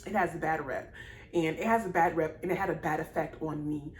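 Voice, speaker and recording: A young woman with a low voice tells her own story straight to camera, rambling and circling back on herself. She is emotional and keeps apologizing as she goes. The room around her rings with echo, and a faint hiss sits underneath. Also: fairly even intonation, a little fast. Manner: rambling and repetitive, speaks straight to viewers; emotional, apologizing and laughing through tears. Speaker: vlogger. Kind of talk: casual personal storytelling to camera. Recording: echoey room with faint noise.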